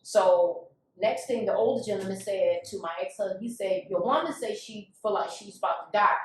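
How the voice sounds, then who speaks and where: A woman's voice: mid-range voice, moderate pace, few pauses, heavy reverb, distant mic, poor audio. A woman giving a candid, emotional testimony, acting out the voices of people she quotes. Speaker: guest.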